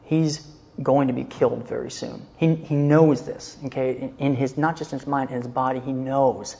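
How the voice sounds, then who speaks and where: A man leads a Christian counseling class in a relaxed, conversational style, frequently checking in with his listeners and retelling scripture scenes in everyday language. His voice is mid-range and creaky at a normal speed, and the recording's highs are cut off.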